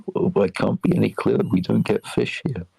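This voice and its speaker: A man voicing a befuddled male alien calling in from a far planet, with a hesitant, deadpan, oddly literal way of talking. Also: on the low side, a little fast, gravelly, slightly rough, heavily acted. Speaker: caller.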